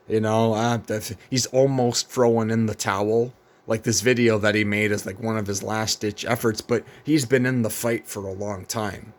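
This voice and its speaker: A man's voice: lowish voice, steady tone, moderate pace. A man vlogging in a rambling, casual monologue, weary and profane, with many fillers and restarts.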